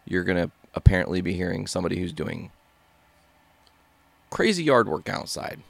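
Stoned, gravelly low-voiced man. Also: very animated, moderate pace, no echo. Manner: rambling, laid-back, swearing. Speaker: podcast host. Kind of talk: casual storytelling monologue.

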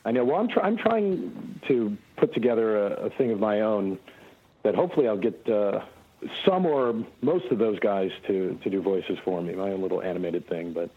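Man, guest voice actor, relaxed storyteller, animated pitch, dull remote recording. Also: moderate pace, breathy edge. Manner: relaxed, anecdotal, frequent fillers and restarts. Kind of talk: casual interview chat.

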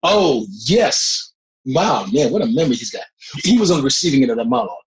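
A middle-aged man, an actor, telling anecdotes in a casual interview, animated and laughing along the way. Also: a little high, low-quality recording. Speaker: actor, guest.

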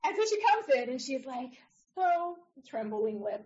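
A middle-aged woman with a somewhat high voice tells a personal story as a podcast guest. She talks casually and animatedly and mimics the people she describes. The audio sounds a little dull and lo-fi. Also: unhurried. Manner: animated, acts out others' voices in her story.

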